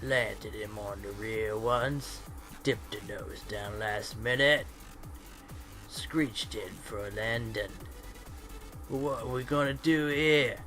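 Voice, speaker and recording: Give me a man playing a slow-talking, cheeky old British fighter pilot yarning about a sortie. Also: lowish voice, pushed and bright. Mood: boastful. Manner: slangy old-timey British pilot banter. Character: cheeky veteran male WWII fighter pilot. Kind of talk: role-play narration over flight game footage. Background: faint electronic music.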